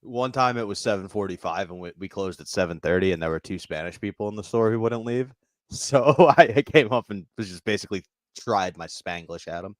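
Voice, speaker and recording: A man's voice: on the low side, a little fast, no echo. A man co-hosting with dry, teasing banter in casual morning show chat. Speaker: co-host.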